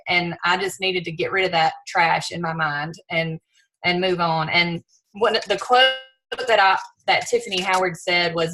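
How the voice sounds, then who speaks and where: Woman, bright tone, earnest, casual call chat. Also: fairly low pitch, moderate pace, poor audio. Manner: emotional, earnest, chatty with restarts. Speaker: new regional director, health coach. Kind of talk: casual team call talk.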